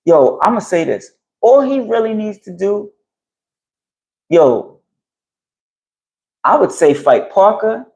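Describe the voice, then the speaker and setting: A man rambling casually and profanely on a phone live stream while walking outdoors, getting animated as he talks. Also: high-pitched, slow pace, long pauses, rough recording. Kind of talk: casual live-stream chat about boxing. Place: outdoors in the heat. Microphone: phone held while walking outdoors.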